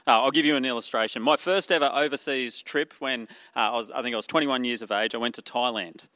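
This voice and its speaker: A man's voice: mid-range voice, fast, bright, forceful tone, no room sound. Australian man preaching a sermon, dry sound. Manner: earnest, uses rhetorical questions and fillers.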